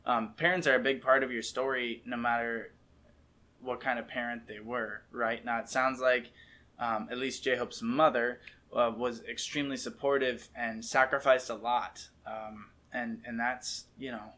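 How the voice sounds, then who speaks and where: A man's voice: medium pitch, little pitch movement, a little slow, sharp tone. A man with a Midwestern American accent from Ohio, hosting a casual reaction video, rambling enthusiastically and often interrupting himself. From Ohio, USA. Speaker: reaction video host, actor and filmmaker.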